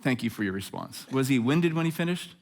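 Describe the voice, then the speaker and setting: A middle-aged man preaching a conversational sermon as pastor, telling stories with jokes and lively asides. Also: mid-range voice, brisk, vocal fry. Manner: jokey, animated storytelling with asides.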